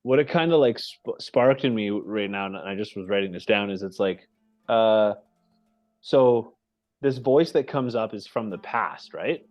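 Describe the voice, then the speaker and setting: A man hosting a casual group call, energetic and animated, often checking in with "right?", heard over muffled lo-fi call audio. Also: lowish voice, a little slow, faint music behind. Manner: energetic and animated, with many restarts and "right?" tags. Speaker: host of the goal call.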